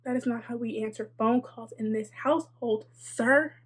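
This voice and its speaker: A woman's voice: a little high, normal speed, husky. A young adult woman telling a casual storytime, chatty and sarcastic, with lots of "like" and wry asides. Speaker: vlogger.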